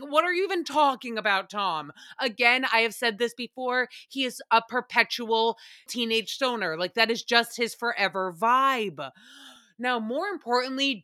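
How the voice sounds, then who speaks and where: A woman's voice: on the high side, sharp tone, dry recording, clean studio sound. A young woman hosting a podcast, chatting casually about a reality TV episode, swearing freely and laughing often. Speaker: podcast host. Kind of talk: casual TV recap chat.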